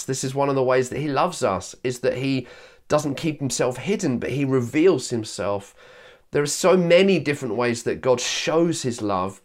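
A man from Yorkshire, England, giving a sermon at an ordinary pitch for a man. He leans on key phrases by slowing right down and says his main lines more than once. His asides come out quicker. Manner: repeats key lines for emphasis. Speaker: pastor.

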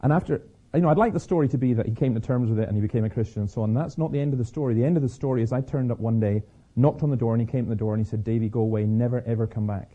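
A man speaks to a crowd about faith, his voice very dark and mellow with a husky edge. He tells stories, often stopping to restart or repeat a word. The recording sounds dull and lo-fi. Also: mid-range voice, very fast, few pauses. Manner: storytelling, frequent restarts and repeated words. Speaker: Christian speaker. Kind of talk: public talk with personal stories.

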